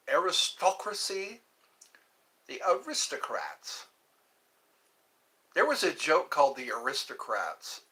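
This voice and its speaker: A man's voice: on the high side, bright, forceful tone, slightly rough. A man hosting a rambling live stream from his phone, cracking jokes and answering viewers' questions. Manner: jokey, reads viewer questions aloud and answers them. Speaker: livestream host.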